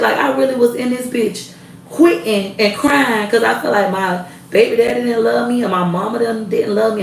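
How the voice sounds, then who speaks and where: Blunt, profane woman ranting, gravelly voice. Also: a little high, echoey room, distant mic, slight background noise, low-quality recording. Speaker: vlogger. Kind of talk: casual rant to camera.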